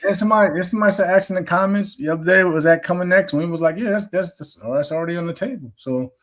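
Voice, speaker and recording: A man's voice: high voice, rapid-fire, fairly bright tone. Blunt, slangy man co-hosting. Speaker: podcast co-host. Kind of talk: casual chat.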